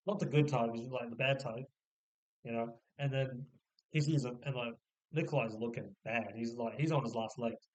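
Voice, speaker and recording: A man casually summarizing a novel, rambling with many filler words and restarts, sometimes putting on quick voices for the characters. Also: mid-range voice, fairly even intonation, highs cut off. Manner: slips into short mock voices for the characters. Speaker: book reviewer. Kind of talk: casual spoken book summary.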